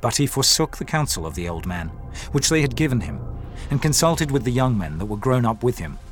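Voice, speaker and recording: Narrator: mid-pitched man, measured formal scripture reading, faint music bed. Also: sing-song.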